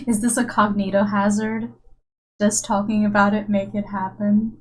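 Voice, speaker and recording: A woman's voice: medium pitch, level tone, moderate pace, darkish tone, rough recording. A woman streamer and comic artist in casual, rambling live-stream chat with her viewers, self-mocking and chatty.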